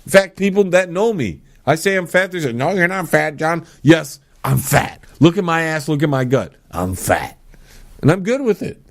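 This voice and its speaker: A man hosting his own talk podcast, giving blunt, sarcastic opinions and mock-shouting the lines he quotes. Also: normal speed. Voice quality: animated with big pitch swings. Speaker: podcast host. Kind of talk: solo opinion talk show.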